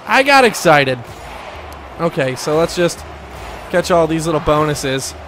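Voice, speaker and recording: A man giving excitable commentary over his own gameplay, shouting and laughing at near misses and goals. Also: fairly high pitch, unhurried, a little hiss or hum. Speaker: gaming YouTuber.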